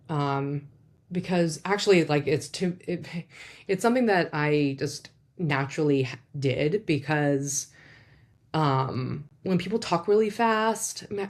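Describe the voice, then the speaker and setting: Low-voiced woman in casual chatty talk. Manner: chatty, lots of "like" and "right?", animated demonstrations. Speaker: psychologist host.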